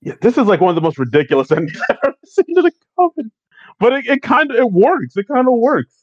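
A man's voice: very high-pitched, big pitch swings, fast, no echo, dull audio. A man co-hosting a casual podcast, recapping a comedy movie in a laid-back, wry way and laughing often. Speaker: podcast co-host.

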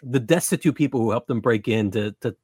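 A man's voice: mid-range voice, a little fast, a little mellow, husky, dry recording, clean studio sound. A man on a casual movie podcast, talking hesitantly with many restarts. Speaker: podcast co-host.

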